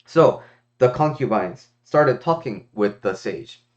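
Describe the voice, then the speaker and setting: A man's voice: mid-range voice, slow pace, lo-fi sound. A man who is a life coach, talking thoughtfully to a viewer in a casual, reflective way. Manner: thoughtful, lots of fillers and restarts, expressive. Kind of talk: casual reflective talk to camera.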